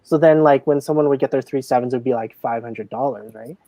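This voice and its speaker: A man's voice: mid-range voice, quick pace, no echo. A man who works as a casino floor supervisor, a guest telling stories in a casual interview, chatty and full of fillers. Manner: chatty, filler-heavy, animated retelling.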